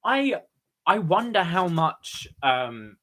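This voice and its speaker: A man's voice: high voice, big pitch swings, takes it slowly, fairly bright tone. Enthusiastic man chatting about wrestling. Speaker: podcast co-host. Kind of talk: casual wrestling recap chat.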